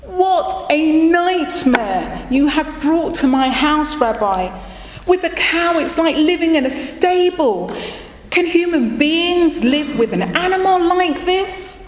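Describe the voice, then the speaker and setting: Brief: desperate wailing farmer, man, played by a female storyteller, raised pitch, long hall reverb. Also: lively intonation, unhurried. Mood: pleading. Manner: pleading, wailing.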